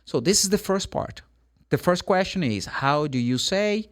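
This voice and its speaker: Lively Brazilian-accented man teaching English. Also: high voice. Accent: Brazilian Portuguese. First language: Portuguese. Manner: spells words out letter by letter, slowly and deliberately. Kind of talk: casual spoken lesson.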